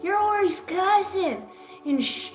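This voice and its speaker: A woman's voice: expressive, slow pace, roomy sound, soft background music, heavily acted. A woman voicing a fed-up grown woman who finally snaps and rants at her aunt. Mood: exasperated. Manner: shrill, exasperated ranting.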